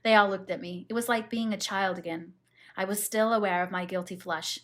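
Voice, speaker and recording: A woman narrates a classic novel as an audiobook reader. Her reading is steady and measured, in a voice of middle pitch for a woman.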